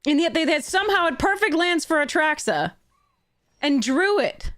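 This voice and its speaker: A woman streamer giving gameplay commentary on a livestream, swearing and ranting in frustration, with high shouted bursts. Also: very animated, moderate pace.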